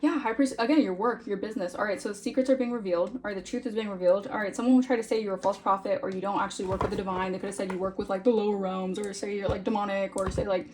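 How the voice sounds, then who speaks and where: A woman's voice: mid-range voice, fairly even intonation, very fast, few pauses, darkish tone, slight background noise. A woman giving a casual tarot reading in a chatty, informal way, often checking in with "all right?". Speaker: tarot reader.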